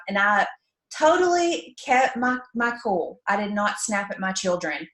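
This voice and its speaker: An upbeat woman from Alabama speaks with a warm Southern drawl, chatty and full of fillers. Her voice sits at a middle pitch, and the room around her rings with echo. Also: sing-song, a little slow. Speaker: network marketing presenter. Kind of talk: casual training talk. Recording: echoey room.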